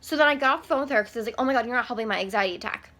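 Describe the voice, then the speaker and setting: A woman's voice: a little high, very fast, sharp tone. A young adult woman vlogger telling a storytime in a chatty, rambling way, full of "like" fillers. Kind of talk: casual storytime.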